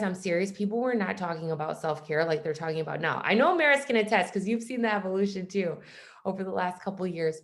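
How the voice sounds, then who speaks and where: A woman's voice: mid-range voice, creaky, darkish tone. Chatty young woman telling a story. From Michigan. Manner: chatty, says "like" constantly, acts out quoted voices. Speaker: guest speaker. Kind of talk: casual storytelling talk. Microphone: video call.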